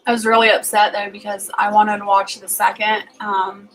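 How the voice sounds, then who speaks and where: A woman's voice: mid-range voice, little pitch movement, normal speed, fairly bright tone, slight background noise, low-quality recording. A woman with a Southern US accent, casually chatting on a livestream and reading out viewer comments as she rambles along.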